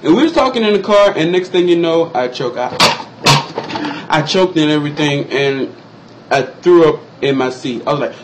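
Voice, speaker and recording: A young man telling a personal story in casual vlog style, animated and acting out other people's lines in exaggerated high voices. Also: normal speed, heavy background noise. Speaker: vlogger.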